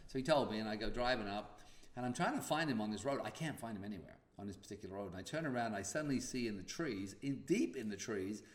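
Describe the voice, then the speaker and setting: A man's voice: medium pitch, reverberant. A man hosting a podcast, telling a personal story in a casual way and acting out the dialogue. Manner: animated, acts out dialogue. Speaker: podcast host.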